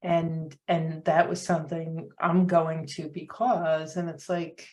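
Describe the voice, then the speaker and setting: Woman in her 50s, lower pitch, earnest reflective interview guest who hesitates often. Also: level tone, slow, a little mellow. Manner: earnest, reflective, many fillers. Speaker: podcast guest, coach. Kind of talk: candid interview storytelling.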